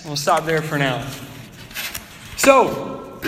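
A man's voice: very high-pitched, big pitch swings, takes it slowly, long pauses, a bit bright. A man preaching a sermon as a pastor, in a conversational way, and he acts out the voices of his listeners. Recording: echoey hall with long reverb.

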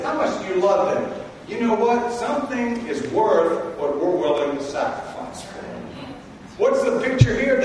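A male pastor preaching a sermon, swinging between loud emphasis and quiet intensity. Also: high voice, a little hiss or hum. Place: large church hall. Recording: echoey hall from far off.

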